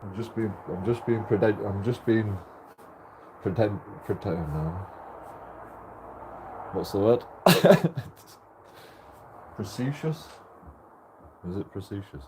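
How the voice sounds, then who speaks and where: A man's voice: lowish voice, animated, slow, long pauses, darkish tone, a little hiss or hum. A young Irish man chatting casually on a livestream, telling stories while laughing often and swearing freely. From Ireland. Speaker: streamer.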